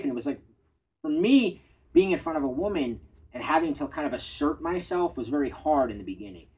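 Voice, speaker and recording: A man's voice: on the high side, darkish tone, husky, rough recording. A man, a dating coach, giving advice in an earnest, confessional way in a casual conversation.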